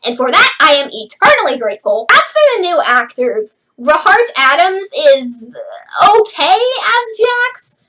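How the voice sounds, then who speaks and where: A woman reviewing a show in a casual, sarcastic way, her high voice swooping up and down as she goes. She has a bright, sharp tone and keeps dropping "like" into her sentences. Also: rough recording. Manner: chatty, sarcastic, lots of "like" fillers. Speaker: host reviewing a TV series.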